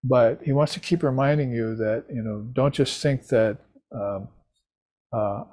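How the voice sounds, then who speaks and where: Husky man, mid-pitch, reflective spiritual lecturer, unhurried delivery. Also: darkish tone. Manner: unhurried, reflective, chants mantras. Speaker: spiritual teacher. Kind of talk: recorded lecture on scripture.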